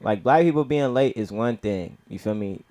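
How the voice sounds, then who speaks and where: A young man working an open-mic stand-up set, voice at a middle pitch. He rambles in loose slang, tags lines with "bro" and "you feel me", and jumps loud and high when he acts out a story on a stage mic. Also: expressive, moderate pace. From Nigerian heritage. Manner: gets loud and high-pitched acting out stories. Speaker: stand-up comic. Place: comedy club open mic.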